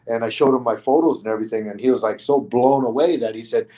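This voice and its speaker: A middle-aged stuntman, appearing as a guest on an interview show, tells a casual anecdote in a lively, easygoing way. His voice is an ordinary mid pitch and he talks fast, slipping into the other people's lines as he goes, on a lo-fi recording.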